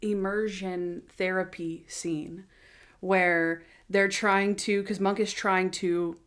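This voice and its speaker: A woman co-hosting a podcast in casual chat, retelling scenes in an animated, giggly way. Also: fairly low pitch, slow pace, clear, resonant tone. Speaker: podcast co-host.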